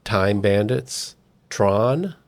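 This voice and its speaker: A man hosting a casual film podcast, reading cast details in a measured way. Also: fairly low pitch, expressive, gravelly. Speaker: podcast host.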